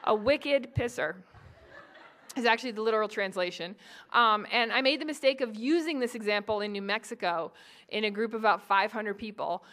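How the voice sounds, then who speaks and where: A woman in her forties from New England, a psychology professor lecturing at a conference with lively, joking asides to the audience. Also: mid-range voice, fairly quick. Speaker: psychology professor giving a talk.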